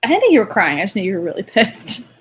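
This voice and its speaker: Giggly woman co-host, husky high voice, super swoopy. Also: huge pitch swings, rapid-fire. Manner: giggly, chimes in. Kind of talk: casual chat.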